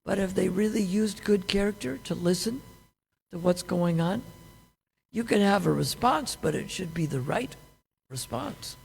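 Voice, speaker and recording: A man's voice: sits high, lively intonation, unhurried, creaky, slightly rough. A man giving a scripture class, teaching conversationally with many rhetorical questions. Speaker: class speaker. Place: temple hall. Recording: long hall reverb.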